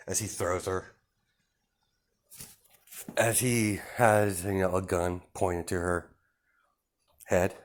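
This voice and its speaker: Low-voiced young man rambling through a fan story. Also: flat delivery, takes it slowly, pauses often, slight background noise. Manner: rambling, full of fillers and restarts, laughs at own story. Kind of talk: improvised fan story narration.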